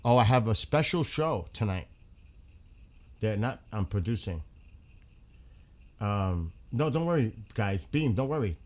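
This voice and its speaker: Male streamer, low pitch, loose rambling chat with viewers, blunt and profane. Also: animated, unhurried, long pauses, a little mellow. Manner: rambling, frank, swears freely. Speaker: livestream host. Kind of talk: casual livestream chat.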